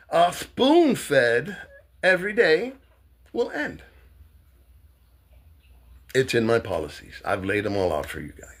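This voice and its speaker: An American man in a heated, profane political rant, swinging from loud outbursts to soft, quiet declarations. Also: mid-range voice. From United States. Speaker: self-styled presidential candidate.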